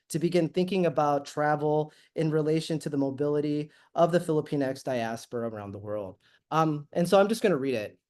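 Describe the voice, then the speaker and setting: A man giving an academic guest lecture as a university professor, speaking in a measured way and reading prepared text with the occasional filler. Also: on the high side, a little mellow.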